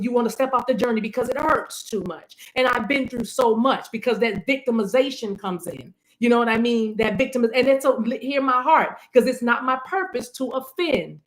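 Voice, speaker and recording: A woman giving an intuitive love reading in a fervent, preachy way, repeating phrases for emphasis and now and then breaking into tongues. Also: on the high side. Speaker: spiritual reader.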